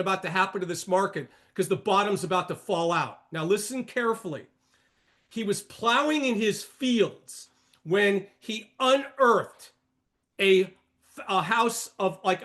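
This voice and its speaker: An older man hosting a trading room, giving a blunt, animated market commentary monologue in a lecturing tone. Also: high voice.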